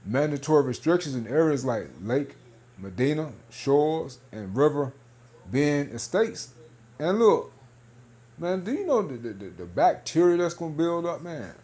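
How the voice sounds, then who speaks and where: A man's voice: a little high, big pitch swings, a little slow, mellow, husky. A man in casual commentary, reading news aloud and talking loosely, half-joking, with laughs and lots of 'man' and 'hey'. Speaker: religious video commentator.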